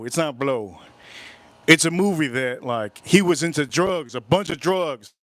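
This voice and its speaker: A man with a slightly raised pitch chats loosely on a live stream. He rambles from one thought to the next and picks up viewers' comments as they come in. The sound is close and dry, with little room around it. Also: a bit bright, no echo. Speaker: livestream host. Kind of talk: casual livestream chat.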